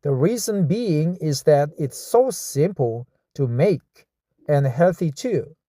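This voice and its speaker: Slow Korean-accented man drilling English phrases. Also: on the high side, dark tone, dry recording, studio quality. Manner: slow, repeats words and phrases over and over to drill them; stumbles and self-corrects mid-word. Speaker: English learner practicing reading aloud. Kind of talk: reading practice with self-commentary.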